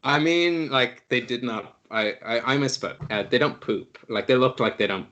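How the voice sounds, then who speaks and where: A man's voice: mid-range voice, normal speed, fairly bright tone, dull audio. Male game master, loose chatty narration, joking and stumbling over his words. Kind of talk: casual tabletop game narration.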